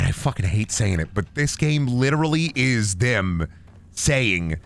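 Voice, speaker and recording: In casual gameplay commentary, a man streams and plays while ranting in a rambling, profane, animated way. His voice is on the low side and his pace is measured.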